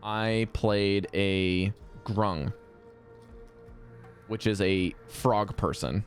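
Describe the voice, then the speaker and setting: A man who runs the tabletop game, chatting casually about characters and telling animated, profane stories. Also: on the low side, very slow, soft background music. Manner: animated, swearing, laughing storyteller. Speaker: game master. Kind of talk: casual chat between game sessions.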